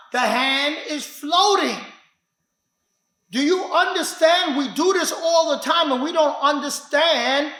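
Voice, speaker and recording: A man teaching self-defense in a training room, talking emphatically and now and then shouting as he acts out street confrontations. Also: very high voice. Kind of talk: animated teaching demonstration. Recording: roomy echo.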